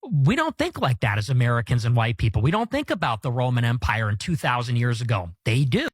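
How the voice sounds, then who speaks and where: A man giving political commentary in a measured, lecturing way. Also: mid-range voice, big pitch swings, husky, no echo.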